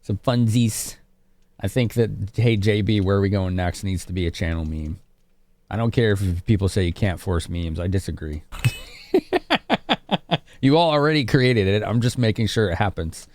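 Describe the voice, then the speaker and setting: Male game streamer, deep voice, casual and chatty with viewers. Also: expressive, moderate pace, long pauses, darkish tone. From Chicago, US. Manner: casual, chatty, laughing with chat. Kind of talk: live-stream game commentary.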